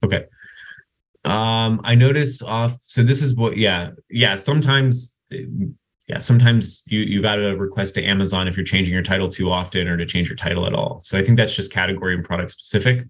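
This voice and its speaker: A man hosting a casual software Q&A webinar over a video call, chatty and loose. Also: on the low side, a little fast. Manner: chatty, many restarts and "like"s. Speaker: host of software Q&A. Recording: dull lo-fi call audio.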